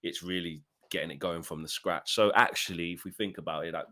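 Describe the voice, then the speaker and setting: A man hosting a casual fan podcast over a call, chatty and animated, with slangy banter. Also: low-pitched, a little fast. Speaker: host.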